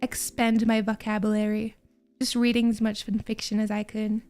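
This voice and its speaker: A woman's voice: medium pitch, little pitch movement, normal speed, a little mellow, soft background music. A young woman from Quebec, a native French speaker with a mild Quebec French accent, chatting casually with her stream viewers and laughing often. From Quebec, Canada.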